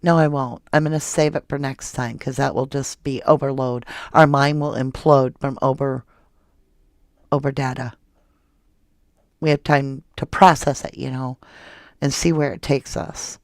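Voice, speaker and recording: A woman hosting a casual true crime livestream, chatting with viewers and reading their comments in an animated way. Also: unhurried, no room sound, studio quality. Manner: chatty and animated, jumping up high when excited.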